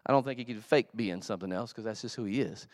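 A man preaching a sermon in a church, telling a story in a conversational, animated way with asides to the congregation. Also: lowish voice, quick pace, dry recording, studio quality. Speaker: pastor.

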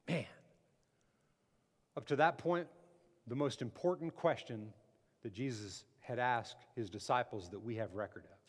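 Man, pastor, emphatic sermon, call and response, long hall reverb. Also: medium pitch. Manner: emphatic preaching, calls for amen.

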